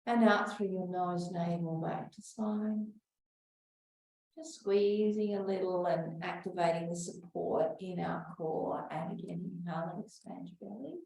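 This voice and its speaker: A woman teaching a back-care class, calmly cueing slow breaths and sometimes dropping to a whisper. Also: fairly low pitch, vocal fry. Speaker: exercise class instructor. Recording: echoey room, voice from far off the mic.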